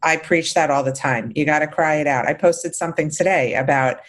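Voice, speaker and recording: A woman's voice: deep voice, fairly quick. A woman hosting an interview who chats casually and speaks in an emphatic, enthusiastic, somewhat preachy way.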